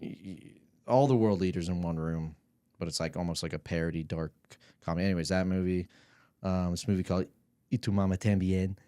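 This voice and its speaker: Deep-voiced young man, rambling and profane. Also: steady tone, fairly quick, warm tone, clear, resonant tone, no room sound. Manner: rambling, profane, laughs through stories. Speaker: podcast guest. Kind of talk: casual chat.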